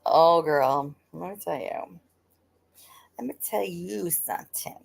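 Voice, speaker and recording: A woman's voice: fairly low pitch, expressive, slow pace, gravelly, husky. A woman hosting a live stream, chatting casually with her viewers, laughing often and swearing freely. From United States.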